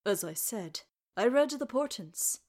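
A woman's voice: on the high side, lively intonation, a little slow, a little mellow, pitched above the performer's own voice. A woman doing Oin, a kindly old dwarf. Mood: kindly, stubborn. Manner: folksy, homely speech with lass and laddie. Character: old deaf male dwarf healer, kindly and stubborn.

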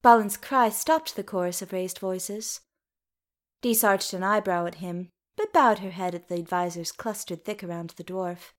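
A woman reading a story aloud in a steady, even narration. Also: medium pitch, normal speed.

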